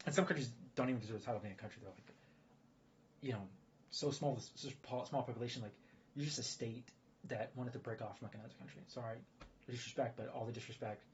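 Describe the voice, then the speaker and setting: A man's voice: mid-range voice, quick pace. A man giving rambling casual commentary, full of fillers and restarts. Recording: dull lo-fi audio with faint noise.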